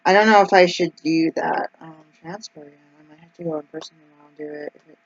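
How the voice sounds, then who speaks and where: A woman vlogging casually as she works through her budget out loud, anxious and rambling, with frequent ums and exclamations. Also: low voice, fast, dry recording, highs cut off. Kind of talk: casual vlog, thinking aloud over budget.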